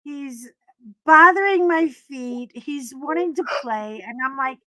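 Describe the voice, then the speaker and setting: A woman chatting as a guest on a live stream, her voice very high for a woman. She talks excitedly and dramatically, often breaking into laughter. Her audio is dry and close, with no room sound. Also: measured pace, no echo, rough recording. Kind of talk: casual live-stream chat.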